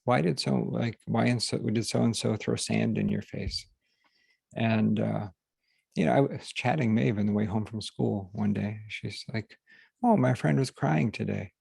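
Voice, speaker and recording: A man hosting a group session, talking casually and haltingly, with many fillers and restarts, over a video call. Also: lowish voice, steady tone, vocal fry, darkish tone, breathy edge, dry recording. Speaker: workshop host. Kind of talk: casual teaching talk to a group.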